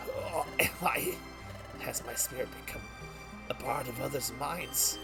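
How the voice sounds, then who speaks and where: A man's voice: medium pitch, unhurried, vocal fry, loud music behind the voice. A man voicing a serious, brave male gecko creature from a game, reading its lines aloud with drama. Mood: strained.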